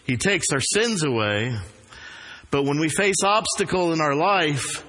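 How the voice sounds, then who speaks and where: Bright-voiced preacher man in a reverberant hall. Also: on the high side, lively intonation, unhurried. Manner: earnest, repetitive preaching cadence. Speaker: pastor. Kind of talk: sermon. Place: church sanctuary.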